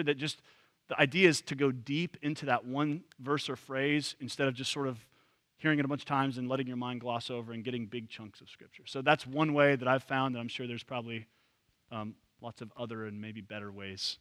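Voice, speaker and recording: A man's voice: medium pitch, steady tone, brisk, sharp tone, no room sound. A man leading a church training session, talking casually with many fillers and restarts. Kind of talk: casual teaching to a group.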